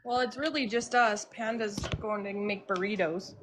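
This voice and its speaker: A woman's voice: medium pitch, normal speed, background noise. A woman in casual chat, mostly throwing in short questions and remarks.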